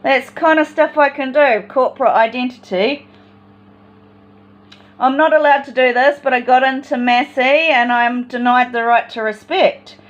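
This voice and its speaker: A woman's voice: sits high, measured pace, lo-fi sound. A woman in a personal vlog monologue, talking in an agitated, rambling and distressed way.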